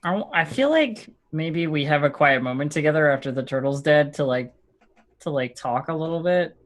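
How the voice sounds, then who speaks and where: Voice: mid-range voice, expressive, normal speed. A player in a tabletop game, musing casually and loosely with "like" and "you know".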